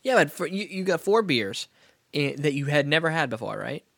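A man's voice: on the high side, very animated, brisk, vocal fry, fairly bright tone, no echo, clean studio sound. A man co-hosting a casual chat, teasing and joking in crude banter. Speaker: podcast co-host.

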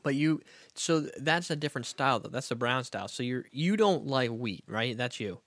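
A man with a mid-pitched voice co-hosts a casual podcast about beer, joking and stammering, swearing freely. The sound is dry and close. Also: lively intonation, moderate pace, a bit bright, dry recording. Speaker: podcast co-host. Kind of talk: casual beer-tasting chat.

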